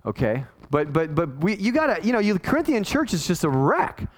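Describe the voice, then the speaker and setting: A man's voice: high-pitched, sing-song, fairly quick. A man in his forties, a pastor, preaching a conversational sermon that is full of restarts and acted-out quotes.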